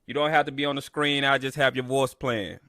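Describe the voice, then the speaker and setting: A man's voice: medium pitch, fairly even intonation, a little fast, pushed and bright, no room sound, studio quality. A man hosting a live sports listen-along stream, chatting casually to his viewers, trash-talking rivals and ranting at the broadcaster. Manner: boastful trash talk, then ranting complaints; talks straight to his chat audience. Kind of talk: casual live fan commentary.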